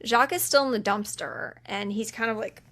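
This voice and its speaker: A woman's voice: a little high, brisk. A woman co-hosting a podcast, retelling a film in casual chat and acting out the characters' lines. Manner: animated retelling, acts out quoted lines in funny voices. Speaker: podcast co-host. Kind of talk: casual movie recap chat.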